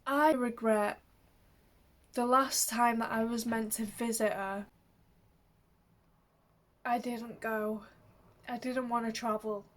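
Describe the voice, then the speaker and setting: Slow, gentle woman. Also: on the high side, steady tone. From England, Manchester. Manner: gentle, reflective, laughs softly between thoughts. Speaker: vlogger. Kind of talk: reflective personal vlog.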